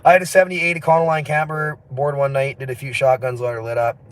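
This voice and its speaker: A man's voice: medium pitch, little pitch movement, fast. A man chatting casually on a livestream, rambling, swearing and laughing often, talking into a phone. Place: outdoors on city streets.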